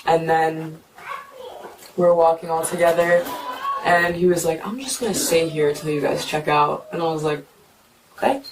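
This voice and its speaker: A young woman telling a police officer what happened, talking fast and filling her story with "like" and acted-out quotes, recorded on a bodycam. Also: low-pitched, fairly even intonation. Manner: fast, repeats "like", acts out quotes. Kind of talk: retelling events to an officer. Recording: noisy bodycam audio from a distance.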